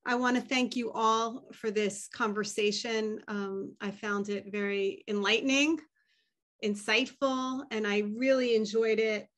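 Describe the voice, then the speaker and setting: A woman's voice: a little high, fairly even intonation, a little slow, fairly bright tone. A woman moderating a panel, graciously thanking the speakers as she wraps up. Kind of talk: closing remarks.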